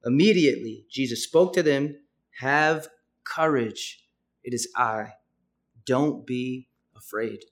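A man's voice: medium pitch, takes it slowly. A young man preaching a sermon, earnest and conversational with casual asides, reading scripture aloud.

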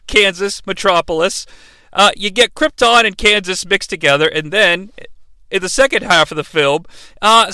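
A man in his forties hosting a comedic bad-movie review show, sarcastic, profane and excitable. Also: high-pitched, clear, resonant tone, dry recording.

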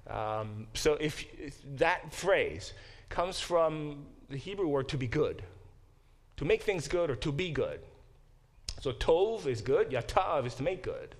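A man's voice: a little high, expressive, slow. A man teaching a church Bible class in a conversational lecture style, often asking the class questions. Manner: conversational, asks the class questions, many restarts.

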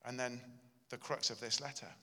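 A man's voice: mid-range voice, steady tone, normal speed, sharp tone, long reverb tail. A male pastor preaching a sermon, earnest and emphatic, acting out the lines he quotes.

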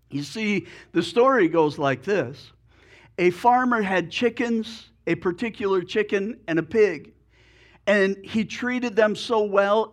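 A male preacher delivering a sermon with folksy humor and relaxed storytelling. His voice sits fairly high for a man, and he often corrects himself mid-sentence. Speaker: pastor.

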